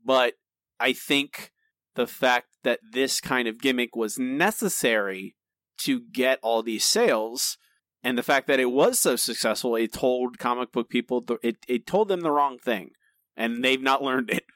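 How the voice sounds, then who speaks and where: A man's voice: mid-range voice, measured pace, a bit bright, dry recording, studio quality. A man co-hosting a podcast, chatting casually and rambling, with many restarts. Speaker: podcast co-host. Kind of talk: casual chat.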